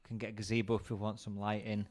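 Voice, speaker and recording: A man's voice: fairly low pitch, monotone, rapid-fire, darkish tone. A man from Bradford with a West Yorkshire accent, co-hosting a podcast in casual, jokey chat and often repeating words. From Bradford, England. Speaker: podcast co-host.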